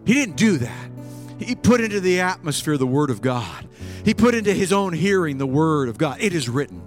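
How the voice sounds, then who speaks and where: Male pastor, lively sermon delivery, slightly high voice, faint music behind. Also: normal speed. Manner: animated, acts out scenes with shouts. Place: church with live and online congregation.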